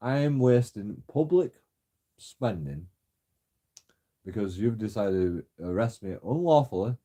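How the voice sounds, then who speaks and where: A man's voice: on the low side, very animated, a little slow, dark tone. A man telling a story in a casual vlog, rambling and mocking, swearing freely and chuckling often. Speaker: channel host.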